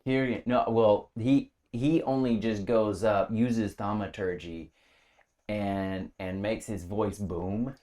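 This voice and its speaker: A man playing a tabletop game, talking in halting starts and restarts and breaking into loud laughter. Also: on the low side, fairly even intonation. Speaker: player. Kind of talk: casual tabletop game chat.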